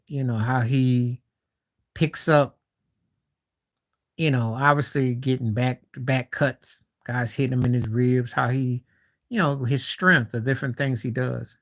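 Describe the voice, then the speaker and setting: A man's voice: medium pitch, fairly even intonation, unhurried. A man hosting a live stream, talking basketball in a loose conversational way, trailing off and restarting, with incredulous asides. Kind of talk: casual basketball talk.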